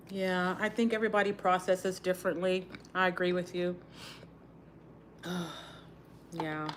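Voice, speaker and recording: A woman's voice: fairly low pitch, level tone, slow, long pauses. Middle-aged woman from Texas, livestream chat, subdued and sighing, close to tears; faint background noise. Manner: sighing often, subdued and grieving, talks while twisting her braids. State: holding back tears. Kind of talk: casual livestream chat while doing her hair.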